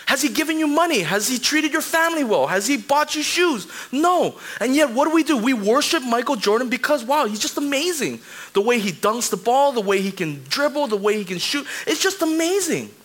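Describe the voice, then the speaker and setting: Male pastor in his 30s, high-pitched, animated conversational sermon in a church sanctuary. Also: fairly quick. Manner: animated, conversational preaching with asides to the congregation.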